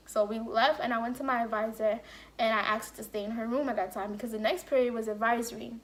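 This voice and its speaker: A young woman vlogger telling a casual story, acting out quotes and saying "like" often. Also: a little high. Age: young adult. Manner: animated storytelling with acted-out quotes and lots of "like". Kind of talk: casual story-time chat.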